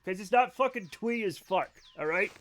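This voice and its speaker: A man's voice: sits high, lively intonation, normal speed, fairly bright tone, a little hiss or hum. A tipsy man streaming a game and chatting casually with his viewers, blunt and profane.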